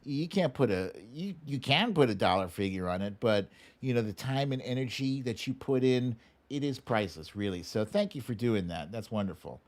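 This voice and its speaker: A man hosting a live stream in casual chat, reading viewer comments aloud and answering them with quick asides and hums. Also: medium pitch. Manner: animated, frequent chuckles and filler hums. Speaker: livestream host.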